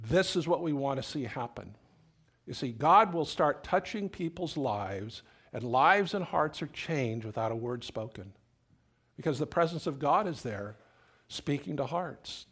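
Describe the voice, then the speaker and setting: A man's voice: medium pitch, a bit bright, husky. A middle-aged man preaches a sermon in a loose, conversational way, telling stories and restarting his phrases as he thinks. His voice sits in an ordinary middle register. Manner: conversational, storytelling, repeats words. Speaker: pastor.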